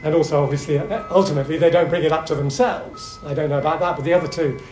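A middle-aged man speaking at a seminar, telling anecdotes in a lively but hesitant way, full of ums and restarts. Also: fairly high pitch, fast talker, soft background music. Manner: lively storyteller. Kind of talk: anecdotal talk to a seminar audience. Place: echoey meeting room. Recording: echoey room with faint hum.

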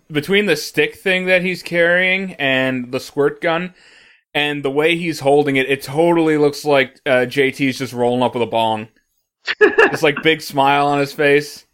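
A man from Missouri riffs through a casual podcast chat. His voice sits a bit high, and he jokes and swears freely, often restarting his sentences with stammers. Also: a bit bright, smooth. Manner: joking, profane, stammering restarts. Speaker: podcast co-host.

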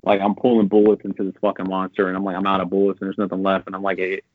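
A man rambling in casual gaming chat, swearing often and getting animated when he vents. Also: sits low, very fast, dry recording. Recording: tinny phone-like dry sound.

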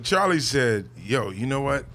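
A man's voice: mid-range voice, very animated, moderate pace, fairly bright tone. A man chatting animatedly, laughing along with the others. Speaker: guest comedian. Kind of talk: casual chat.

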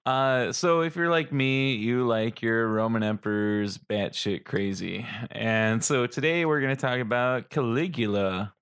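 A man's voice: medium pitch, a little slow, hardly any pauses, fairly bright tone, clean tone. A man hosting a podcast in casual chat, giggling often and rambling with lots of "like". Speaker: podcast host.

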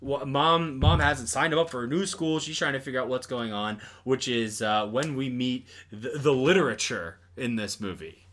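Sex: man. Role: podcast co-host. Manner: animated, exasperated. Tone: bright. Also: medium pitch, moderate pace. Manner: animated, exasperated, lots of fillers. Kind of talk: casual movie review chat.

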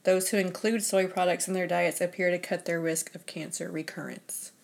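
A woman's voice: lowish voice, steady tone, moderate pace, creaky. A woman in casual conversation who reads out study results and often chimes in with short agreements. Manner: frequent short agreements, reads figures aloud. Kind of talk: casual chat, reading study summaries.

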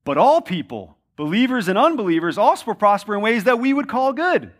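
A man's voice: sits high, big pitch swings, a little fast. A man in his thirties, a pastor preaching a sermon in a conversational way, often checking in with "right?" and building points through repeated rhetorical questions.

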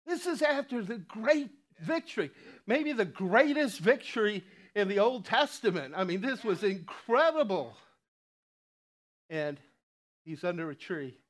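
A man delivers a sermon in an easygoing, conversational manner, dropping asides and chuckling along the way. His voice sits a little high for a man. He takes his time, speaking at a slow, unhurried pace. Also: big pitch swings. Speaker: lay preacher.

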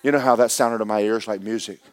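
A man preaching a sermon as a story, swinging between loud bursts and hushed words. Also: lowish voice, steady tone, quick pace.

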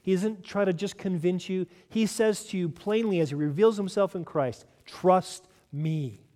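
A pastor delivers a sermon in a voice that sits on the high side for a man. He talks in an emphatic, direct way and keeps putting pointed questions to his listeners. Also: moderate pace, mellow.

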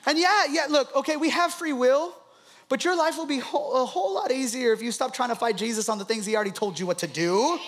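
A man, a pastor, preaching with animated, laughing storytelling. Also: extremely high pitch, fairly quick. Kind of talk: sermon.

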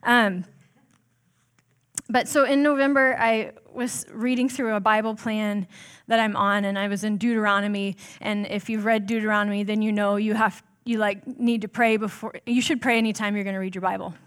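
A woman's voice: mid-range voice, little pitch movement, normal speed, a bit bright, clean tone. Chatty, self-deprecating woman preaching. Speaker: church staff member preaching. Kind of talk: conversational sermon.

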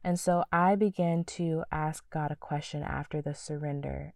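A woman hosting a faith-based podcast, teaching in an earnest, preacherly way and dropping into soft whispers for her prayers. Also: sits low, steady tone, normal speed, gravelly, few pauses, dry recording, recorded from a distance. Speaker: podcast host.

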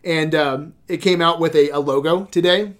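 Speaking at a moderate pace in a slightly high voice, this man hosts a laid-back podcast. He walks through a show one scene at a time, animated, full of laughs and heavy swearing.

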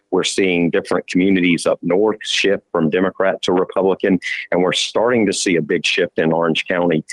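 A male radio talk show host with a deep, low voice, speaking in a folksy, conversational manner. His questions run long and wander before landing. The sound is dry and close, with no room around it. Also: no room sound, rough recording. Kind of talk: radio interview.

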